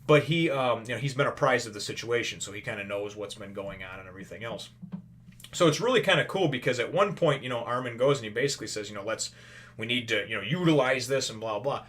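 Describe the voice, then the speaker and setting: A man in the middle of his natural pitch range talks through an episode review off the cuff. He wanders and restarts often, filling gaps with "you know" and tag questions. He has a familiar, preacher-like habit of calling his viewers brothers and sisters. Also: expressive, quick pace, a bit bright, slight background noise. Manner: rambling, conversational, full of "you know" and "right?". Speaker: anime episode reviewer, channel host. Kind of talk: casual spoken review.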